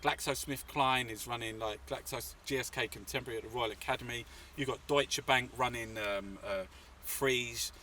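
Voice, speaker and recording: A man's voice: medium pitch, moderate pace, sharp tone, far from the mic, slight background noise. A man from England, an artist and activist, telling stories in a rambling, swearing, casual interview outdoors in a city. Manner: rambling, swearing, full of fillers.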